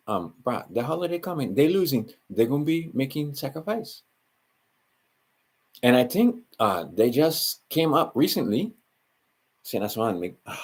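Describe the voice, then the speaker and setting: Here a man with a mid-range, slightly rough voice and a Hawaiian Pidgin accent hosts a channel on his own. He rambles, keeps correcting himself, and makes asides to whoever's listening.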